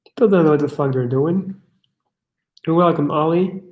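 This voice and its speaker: A young man chats bluntly on a casual livestream, swearing as he reads out and responds to chat questions. His voice is on the high side at a moderate pace, and the sound is phone quality in an echoey room.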